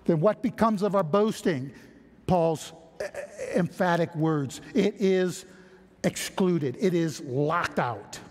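A man's voice: a little high, slow pace. A man preaching a sermon, emphatic, asking rhetorical questions and answering them. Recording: reverberant hall.

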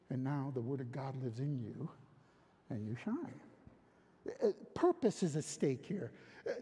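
A man preaching a sermon as pastor, asking questions and swinging between emphatic rises and quiet drops. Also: very high-pitched, in a large hall.

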